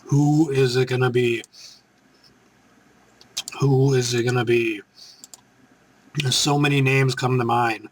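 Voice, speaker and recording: Excitable rambling man reacting live. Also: mid-range voice, slow pace, pauses often, slight background noise. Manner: excitable, rambling, breaks into chants. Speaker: live reaction show host.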